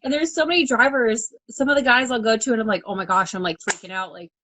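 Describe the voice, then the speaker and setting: A young woman, a monster truck driver, chatting as a guest on a video call, animated and laughing as she acts out her own inner voice. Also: fairly high pitch, quick pace, no room sound, low-quality recording. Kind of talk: casual interview chat.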